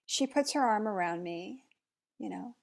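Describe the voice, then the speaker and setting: A woman's voice: medium pitch, expressive, vocal fry. Reflective middle-aged woman in casual chat. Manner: reflective, unhurried, soft laughs.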